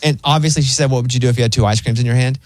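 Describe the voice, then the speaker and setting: Animated man telling funny stories. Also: medium pitch, racing, dry recording. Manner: animated storyteller, mimics others in voices. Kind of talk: casual studio banter.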